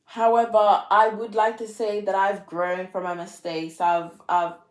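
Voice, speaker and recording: A woman's voice: mid-range voice, level tone, measured pace, reverberant. Young woman in a dramatic confessional vlog. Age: young adult. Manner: dramatic, self-mocking, repeats phrases for effect. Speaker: vlogger. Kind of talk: emotional confessional monologue.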